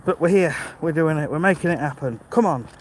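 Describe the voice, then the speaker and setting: High-voiced man in his fifties walking outdoors. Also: a little fast, rough recording. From United Kingdom. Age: 50s. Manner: chatty, reads out viewer comments, greets viewers by name. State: out of breath from walking uphill. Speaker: livestream host. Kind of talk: casual live-stream chat while walking. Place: outdoors on a rural walk. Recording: outdoor ambience with audible wind and noise.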